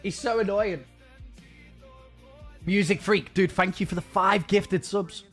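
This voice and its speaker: Chatty self-mocking man, fairly high voice. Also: steady tone, takes it slowly, soft background music. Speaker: game streamer. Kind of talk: casual chat with viewers.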